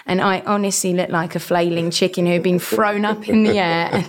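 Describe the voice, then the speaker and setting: A woman's voice: fairly low pitch, normal speed. A young woman with a South East London accent, chatting casually as a podcast guest and laughing often while telling stories. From England. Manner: lively storyteller, laughs often. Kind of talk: casual chat.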